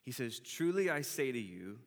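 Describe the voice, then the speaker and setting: A man preaching a sermon in a church, talking casually and repeating key phrases slowly for emphasis. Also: medium pitch, sing-song, in a large hall. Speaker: pastor. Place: church sanctuary.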